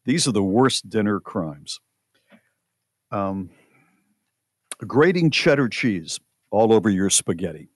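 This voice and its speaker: A man's voice: on the low side, expressive, slow pace, pauses often, no room sound. A middle-aged man hosting a radio show, reading items aloud in casual banter and reacting with mock disgust.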